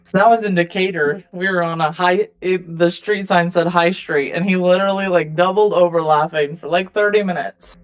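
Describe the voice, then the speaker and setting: A woman's voice: lowish voice, steady tone, normal speed, hardly any pauses, soft background music. A woman playing a tabletop game who chats casually and teases the others. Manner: teasing, playful. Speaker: player.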